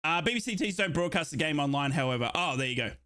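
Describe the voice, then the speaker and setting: Excitable Australian man hosting a watchalong. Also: on the high side, quick pace. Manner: excitable and chatty, bursts into shouted hype. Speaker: watchalong streamer host. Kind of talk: live football watchalong commentary, reading chat aloud.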